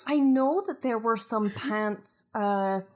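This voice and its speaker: A woman playing a Scottish shipboard bookworm, courteous, slow, high voice, quick to suspicion. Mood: puzzled. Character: polite, prickly young woman reading aboard a ship.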